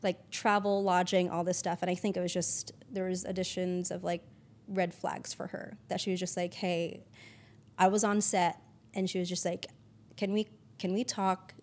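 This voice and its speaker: A woman's voice: fairly low pitch, level tone, normal speed. A woman producer chatting casually as a podcast guest, peppering her talk with "like" and the odd swear. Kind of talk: casual interview chat.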